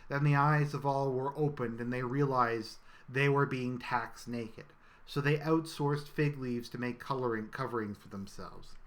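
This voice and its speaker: Guy reading fake bible verses all solemn and deadpan, bright voice. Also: medium pitch. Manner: solemn scriptural cadence with deadpan asides. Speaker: satirical reader. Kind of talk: mock-biblical scripted reading.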